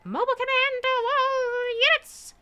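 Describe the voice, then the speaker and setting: A woman voicing a male police director who barks orders over the radio in a high, strained voice. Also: little pitch movement, measured pace, bright, forceful tone, heavily acted. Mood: barking orders. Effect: radio transmission. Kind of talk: reading game dialogue aloud.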